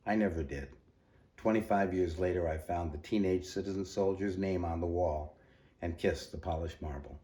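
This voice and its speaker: A man reading his short story aloud in a steady, measured way. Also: low voice. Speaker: story reader.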